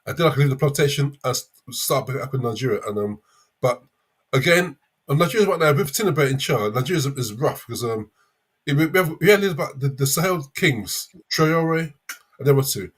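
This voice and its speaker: A man in his fifties with a London accent calls in to a live discussion. He talks fast in a husky voice and rambles, stumbling through restarts as he goes. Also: mid-range voice, lively intonation. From England. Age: 50s. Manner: rambling, halting, with many fillers and restarts. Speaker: caller. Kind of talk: casual chat.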